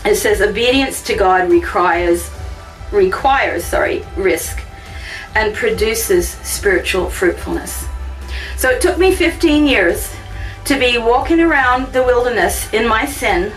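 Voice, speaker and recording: A woman giving a personal church testimony, telling her story with animated ups and downs. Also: unhurried, recorded from a distance, faint music behind, low-quality recording. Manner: animated storytelling, voice rising high when excited.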